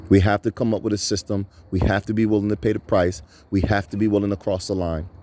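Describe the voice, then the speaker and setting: Low, mellow-voiced man preaching emphatically. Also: flat delivery, quick pace, few pauses. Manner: emphatic, repetitive, rallying. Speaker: channel host. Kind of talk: preaching monologue.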